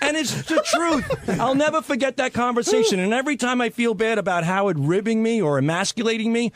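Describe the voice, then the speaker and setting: Lively high-voiced man telling a story. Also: fairly quick. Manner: animated storyteller, quotes others in lively voices. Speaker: staff member of a radio show. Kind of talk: casual studio chat.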